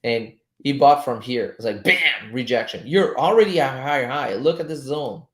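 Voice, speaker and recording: A man's voice: mid-range voice, normal speed, fairly bright tone. A French-native man coaching viewers through a live trading stream, loose and chatty, swearing now and then and chuckling as he talks. His voice sits in a middle register and bounces around a room with plenty of echo. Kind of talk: casual live-stream chat while reading charts. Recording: roomy echo.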